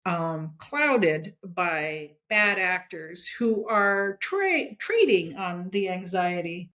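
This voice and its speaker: A woman in her sixties, a guest in an interview, talking in an animated, emphatic way and checking her points with "okay?". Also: fairly low pitch, drawn-out words. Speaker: guest, comics editor. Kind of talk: casual interview chat.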